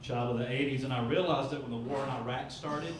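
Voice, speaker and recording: Young man doing crude stand-up. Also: medium pitch. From East Tennessee. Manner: crude, self-mocking, quick asides to the crowd. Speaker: stand-up comedian. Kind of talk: stand-up comedy set. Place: comedy club stage. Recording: echoey club, from far off, noisy.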